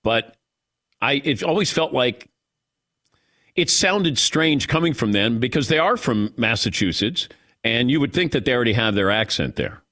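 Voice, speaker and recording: A man's voice: medium pitch, moderate pace, dry recording, studio quality. A man hosting a sports radio show, chatting casually, laughing and taking callers. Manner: lively, laughs often, takes calls. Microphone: studio mic.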